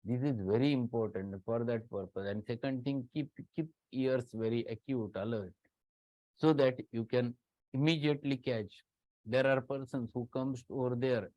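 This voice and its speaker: A man's voice: mid-range voice, moderate pace, warm tone, no room sound. A man with an Indian English accent giving an online lecture as a professor, emphatic and repeating words for stress. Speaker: homoeopathy professor. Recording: dull lo-fi dry sound.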